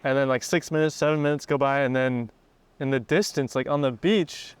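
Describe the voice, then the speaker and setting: A young man, a company CEO appearing as a guest, telling casual stories in an animated way and laughing between lines. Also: medium pitch, fairly quick, clear, resonant tone. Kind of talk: casual storytelling.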